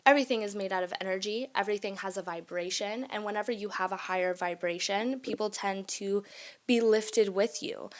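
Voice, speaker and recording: A woman's voice: mid-range voice, fairly bright tone. A woman in her early twenties hosting her own podcast, talking in a candid, chatty way and often checking in with her listeners. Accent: northern Mexican Spanish. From family from Mexico. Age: 20s. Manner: chatty and candid, tossing in "okay, guys?"; switches into Spanish and German. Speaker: podcast host. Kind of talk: casual solo podcast monologue.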